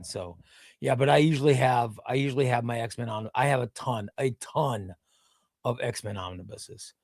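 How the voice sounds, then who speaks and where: Answering chat and rambling with repeated words, a man runs a relaxed comics livestream from a room full of comic shelves. He has a mid-range, darkish voice, recorded with clean studio sound and no room sound.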